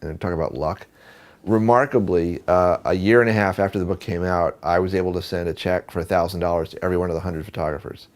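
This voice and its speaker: A man with a low, deep voice tells a long story at a quick clip. He talks conversationally, with plenty of fillers and restarts. He acts out the voices in the dialogue he recalls. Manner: animated, acts out quoted dialogue. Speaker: photographer and book producer. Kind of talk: storytelling interview.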